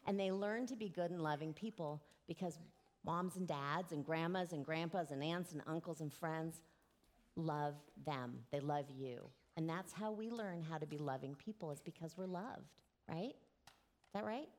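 A woman in her forties giving a children's sermon, gently asking the children questions and drawing them into the story. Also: low-pitched, normal speed. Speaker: children's message leader.

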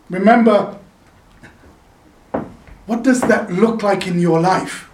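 A man preaching a sermon in a chapel, animated and playful, calling on the congregation to answer him. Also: sits high, takes it slowly, long pauses, a little hiss or hum. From South Africa. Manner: animated, playful, calls for audience response. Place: chapel in the mountains. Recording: echoey chapel, voice from a distance.

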